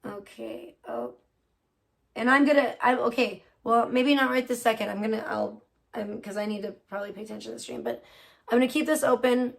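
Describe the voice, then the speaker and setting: Woman livestream host, higher-pitched voice, emotional, swears at her computer, reads text aloud. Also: steady tone, fairly quick, gravelly. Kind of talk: casual livestream chat, reading a petition aloud.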